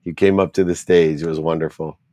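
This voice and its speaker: A man's voice: very deep voice, little pitch movement, fairly quick, warm tone, no room sound, studio quality. A middle-aged man, an interview guest, telling a personal story earnestly and repeating phrases for emphasis.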